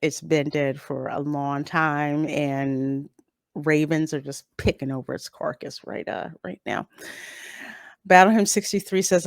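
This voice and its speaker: Low, fairly even and unhurried, this woman's voice carries some vocal fry, recorded in studio quality without room sound. She hosts a live-stream review on YouTube, reading the chat and offering blunt opinions, repeating herself for stress in a casual commentary manner.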